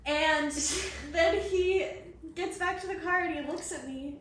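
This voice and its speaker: Young female podcast co-host, high bright voice, lively storyteller, echoey far-off room. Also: slow pace. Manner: animated, laughing often, acts out quotes. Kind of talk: casual storytelling chat. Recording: echoey room, far from mic, faint noise.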